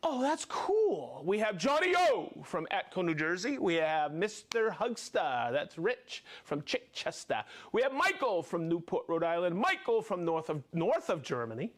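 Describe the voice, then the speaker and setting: A man hosting a live stream, upbeat, reading off viewer names and places with quick friendly asides. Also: sits high, very animated. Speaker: livestream host.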